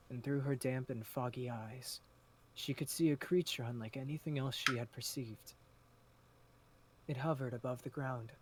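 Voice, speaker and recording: Measured man narrating a role-play tale. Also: medium pitch, darkish tone, slight background noise. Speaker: role-play character and storyteller.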